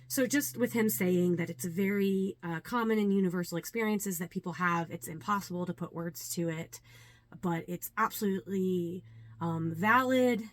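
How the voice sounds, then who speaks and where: A young adult woman, a yoga teacher, talking earnestly and reflectively to camera, with many ums and pauses. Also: on the low side, dry recording. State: a little nervous. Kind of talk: casual talk to camera.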